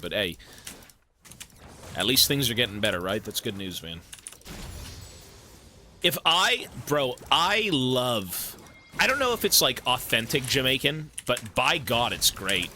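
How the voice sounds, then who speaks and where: Canadian-born male streamer, rambling and profane, animated pitch, faint hiss behind. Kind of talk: casual chat while gaming.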